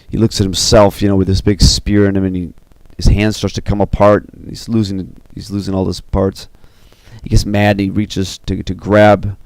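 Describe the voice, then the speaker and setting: A man with a very low, gravelly voice tells the action of an animated film in a loose, excited way. He fills his talk with "you know" and "uh". He is recorded close, and the sound is dry. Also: dry recording. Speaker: storyteller recounting an animated film. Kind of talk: casual retelling.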